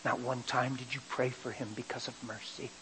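A man preaching a sermon, telling an emotional personal story and building to loud, fervent passages. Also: mid-range voice, little pitch movement, normal speed, noisy background.

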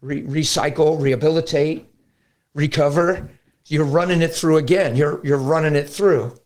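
A middle-aged man, a pastor, talking about faith in a lively conversational preaching style, acting out quotes as he tells stories. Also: on the high side, normal speed. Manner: animated storytelling, acts out quotes. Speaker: pastor guest.

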